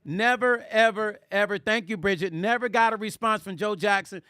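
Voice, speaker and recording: A middle-aged man tells stories on a casual livestream in a high, bright voice. He talks animatedly and speaks directly to his viewers. The sound is dry and close. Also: normal speed, clear, resonant tone, no echo. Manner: animated, addresses viewers directly, reads chat aloud. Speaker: musician and vlog host.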